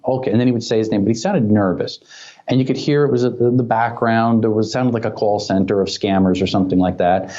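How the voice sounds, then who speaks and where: A man's voice: mid-range voice, fast. Dull-sounding man telling a story. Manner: animated storyteller who acts out quoted dialogue. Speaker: cybersecurity expert guest. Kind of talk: conversational podcast interview.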